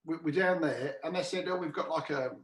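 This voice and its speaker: A man's voice: on the high side, fairly quick. Man telling a rambling story, roomy echo. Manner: rambling, repeats "he said", restarts often. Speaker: cabaret musician host. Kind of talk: casual anecdote telling.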